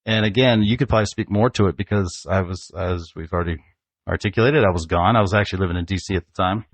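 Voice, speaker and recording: A man in his forties with a fairly low voice, chatting on his podcast. He tells long family stories in an easy, chatty way and laughs along. The sound is dry and close to the mic. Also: quick pace, dry recording. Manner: chatty storyteller, laughs often. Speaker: podcast host, father. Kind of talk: casual family chat.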